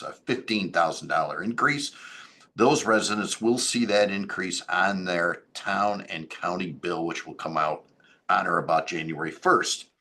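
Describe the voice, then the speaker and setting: Low, bright-voiced halting town supervisor. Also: male voice, husky. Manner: halting, with many fillers and self-corrections. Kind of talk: local government update.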